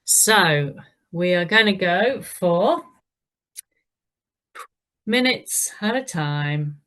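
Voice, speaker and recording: Casting: female cycling instructor, low voice, unhurried, encouraging cues between efforts. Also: lively intonation, fairly bright tone. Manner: encouraging, calls out the rhythm. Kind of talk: indoor cycling class instruction.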